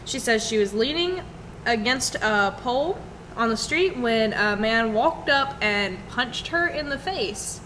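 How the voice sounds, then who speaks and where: A woman's voice: fairly high pitch, animated, unhurried, fairly bright tone, slight background noise. A woman co-hosting a podcast, reading a news story in a light, amused way. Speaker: podcast co-host.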